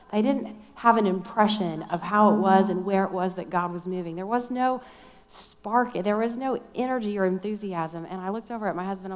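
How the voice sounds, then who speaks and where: A middle-aged woman telling a personal story in a chatty, self-deprecating way at a Christian conference. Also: on the low side. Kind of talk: storytelling sermon talk. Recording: long hall reverb.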